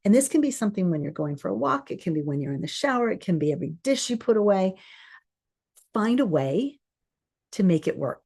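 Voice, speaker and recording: Earnest coaching woman with a mellow voice. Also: fairly low pitch. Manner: earnest and conversational, with many fillers and restarts. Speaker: course host. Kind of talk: coaching talk to a live group.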